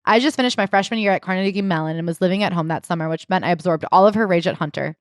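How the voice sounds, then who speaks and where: A woman co-hosting a casual book club podcast, animated and jokey, sometimes reading passages aloud. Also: on the low side, rapid-fire, no echo, clean studio sound. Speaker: podcast co-host.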